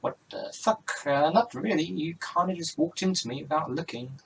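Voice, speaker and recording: A man's voice: fairly high pitch, expressive, normal speed, vocal fry, breathy edge, voice pushed up, heavily acted, poor audio. A man voicing a blunt, sarcastic young woman who is impatient and talks in dry, exasperated put-downs. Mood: baffled.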